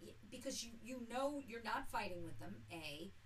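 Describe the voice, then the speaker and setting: A woman's voice: fairly high pitch, expressive, normal speed, low-quality recording. A mother chatting on a podcast as a guest, telling rambling stories with wry, blunt remarks. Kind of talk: casual podcast chat.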